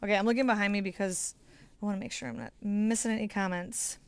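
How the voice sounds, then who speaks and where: A middle-aged woman hosting a casual quilting livestream, chatting excitedly with viewers as she sews. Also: mid-range voice, quick pace, clear, resonant tone, no room sound. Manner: bubbly, chatty, talks to viewers by name. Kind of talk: casual livestream chat while sewing.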